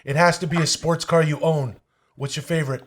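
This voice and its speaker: A man's voice: on the high side, natural voice. A man doing a mumbling boorish action star. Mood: deadpan. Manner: slow, mumbling, deadpan and boorish. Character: crude, oblivious middle-aged male martial-arts action star. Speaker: interviewer. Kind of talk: improvised comedy impression.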